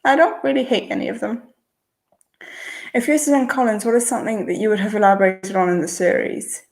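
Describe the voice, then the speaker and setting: A young woman hosting a casual livestream, reading out chat questions and answering in a relaxed, chatty way, thinking aloud before she replies. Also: medium pitch, brisk, vocal fry. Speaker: channel host.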